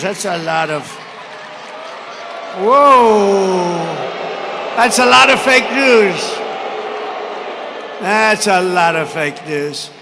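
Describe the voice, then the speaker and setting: Older male candidate, brash and rambling, rather high-pitched, speaking into a podium mic in an echoing arena with faint crowd noise. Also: creaky. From United States. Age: 70s. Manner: brash, rambling, with mocking asides and shouted lines. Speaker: political candidate at a rally. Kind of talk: campaign rally speech. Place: large arena.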